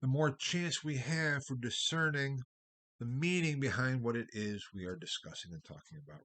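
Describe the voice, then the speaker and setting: Low husky guy giving a history lecture, rambly, gets loud then drops way down. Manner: discursive, wide swings in loudness. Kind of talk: recorded university lecture.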